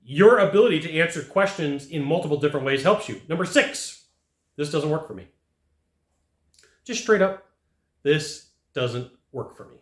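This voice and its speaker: A man's voice: a little high, lively intonation, normal speed, long pauses, fairly bright tone. A man teaching a sales lesson straight to camera, emphatic and repeating phrases to hammer points home. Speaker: sales trainer. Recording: echoey room.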